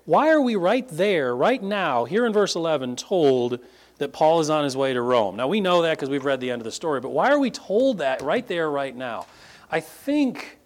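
Emphatic preaching man. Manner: emphatic, rising to sudden high stresses then dropping low. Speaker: pastor. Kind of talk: sermon; closes in prayer.

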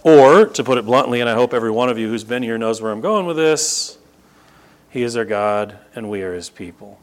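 Middle-aged male pastor, emphatic teaching sermon, mid-pitched voice, repeats words for stress. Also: animated, brisk. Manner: emphatic, rises to sharp high bursts and repeats "no, no, no"; teaching, explains Greek grammar to the congregation.

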